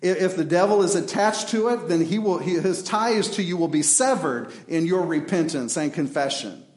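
A man with a somewhat high voice delivers a fervent sermon in a church. The room is echoey, with the sound bouncing off the walls. He moves between urgent appeals and quiet, lowered passages. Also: lively intonation, moderate pace. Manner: impassioned preaching, acts out prayers and God's replies. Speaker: pastor.

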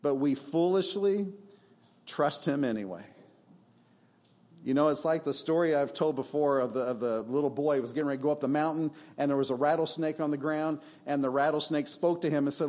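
A man preaches to his congregation in a church, using an emphatic, conversational style. His voice sits a little on the high side, and he leans on rhetorical questions and asides. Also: fairly quick, darkish tone. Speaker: pastor. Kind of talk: sermon.

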